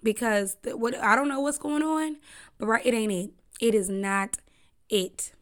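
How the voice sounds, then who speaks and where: In a laid-back solo podcast, a woman host talks bluntly with heavy slang and swearing. She has a fairly high voice and speaks a little slowly.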